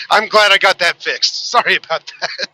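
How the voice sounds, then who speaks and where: A man's voice: sits high, a little slow, pushed and bright, no echo, rough recording. A man joining a live stream as a guest, giving short, apologetic replies.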